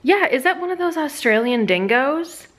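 A woman's voice: high voice, animated, moderate pace, fairly bright tone, pitched above the performer's own voice. A woman quoting a blunt, nosy male lawn worker who keeps asking questions. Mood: curious. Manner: pushy, persistent questions.

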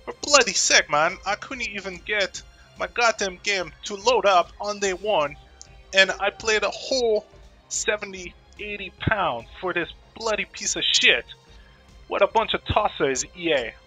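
A man's voice: high-pitched, a little slow, bright, forceful tone, husky, soft background music, pitched above the performer's own voice, exaggerated voice. A man voicing an angry male gamer with a put-on British accent, indignant and strained. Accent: put-on British English.

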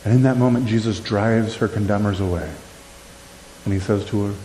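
A man's voice: on the low side, expressive, fairly quick, warm tone, roomy sound, slight background noise, rough recording. A man preaching a sermon to a congregation with passion, often asking them questions and checking they are with him. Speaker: pastor. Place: church sanctuary.

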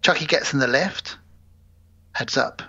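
A man co-hosting a podcast, recapping a film in a casual, animated way with lots of swearing. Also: mid-range voice, a little slow, vocal fry, slightly rough. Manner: animated, swearing, acts out scenes. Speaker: podcast co-host. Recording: muffled home podcast audio.

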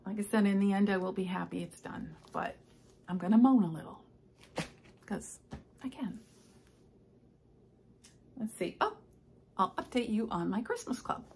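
Chatty older woman with gravelly fry. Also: medium pitch, moderate pace, long pauses, a little mellow, slight background noise. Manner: chatty, rambling, with many fillers. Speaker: stitching vlogger. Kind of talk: casual chat. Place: home. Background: household noises, clock and ice maker.

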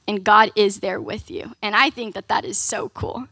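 A woman's voice: mid-range voice, normal speed, pushed and bright, no echo. A young woman giving a casual, conversational youth sermon, often saying "like" and "right?". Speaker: youth ministry speaker.

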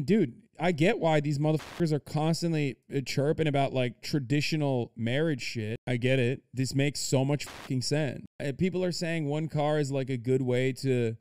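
A man's voice: mid-range voice, dark tone, clean tone. A man streaming a reaction, ranting incredulously with lots of swearing and reading an article aloud. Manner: incredulous, swears a lot, rants. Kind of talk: profane, animated commentary and article reading.

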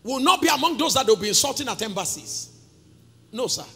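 A man with a Nigerian accent preaching a sermon as pastor, calling out to the congregation and breaking into sung and shouted phrases. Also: very high-pitched, very animated, fast, creaky, husky. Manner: call-and-response preaching, sings and shouts phrases. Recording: reverberant church hall with music.

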